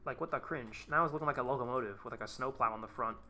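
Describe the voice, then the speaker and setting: A man's voice: medium pitch, rapid-fire, pushed and bright, soft background music. A man live-streaming as he designs a tank, talking casually to his chat with frequent swearing, exasperated outbursts and rambling asides.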